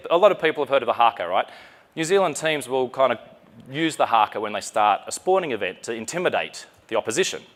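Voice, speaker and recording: A man from Australia with an Australian accent, giving a chatty, joking, self-deprecating live conference talk on stage. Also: medium pitch. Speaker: conference presenter. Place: conference session room.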